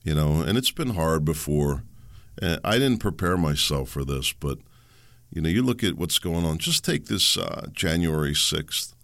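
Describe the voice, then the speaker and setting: A man's voice: extremely low pitch, expressive, a little slow, gravelly, a bit bright, dry recording, clean studio sound. A middle-aged man hosting a solo podcast, rambling and ranting sarcastically, chuckling at his own asides. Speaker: podcast host.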